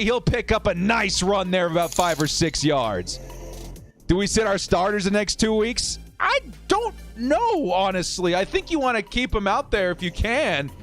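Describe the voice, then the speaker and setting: A high-pitched man in his thirties hosts a live fan watch stream, calling plays and reading out donation messages. He talks with exuberant energy and breaks into shouts. Faint music plays behind him. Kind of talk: excited live game commentary and chat reading.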